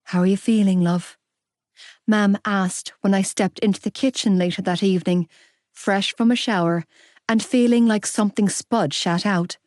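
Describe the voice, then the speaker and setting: Woman reading an audiobook, mellow warm tone, dry close studio sound. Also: medium pitch, steady tone, normal speed, no room sound. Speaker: audiobook narrator. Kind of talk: scripted narration.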